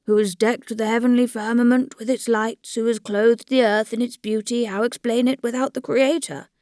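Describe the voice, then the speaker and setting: A woman's voice: a little high, steady tone, normal speed, darkish tone, dry recording, studio quality, lightly acted. A woman reading the part of a weary, good-natured old priest who rattles off churchly phrases in a rote rush. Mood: hurried, patient.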